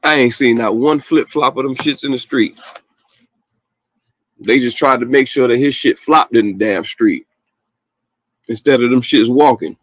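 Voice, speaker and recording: Speaking in a mid-range voice, this male podcast host takes his time and pauses often, yet stays animated, profane, and quick to laugh as he shares opinions in casual chat. The close-miked audio has no room sound but sounds rough.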